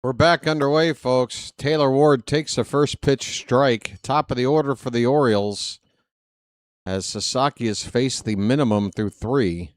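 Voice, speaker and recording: A man's voice: mid-range voice, measured pace, dry recording, clean studio sound. A man calling a ballgame play-by-play on a fan live stream, chatty, joking and fussy.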